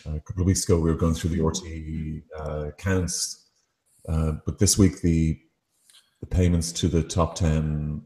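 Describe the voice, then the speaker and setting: A low, dark-toned Irish man hosts a late-night studio chat, stumbling through fillers and restarts. His voice rings in a roomy space. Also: little pitch movement, moderate pace. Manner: hesitant, many fillers and restarts. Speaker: chat show host.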